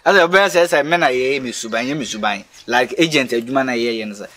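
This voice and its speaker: An actor playing a boastful, coaxing property agent in a comedy film. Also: male voice, mid-range voice, fast, a bit bright, lightly acted. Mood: bargaining.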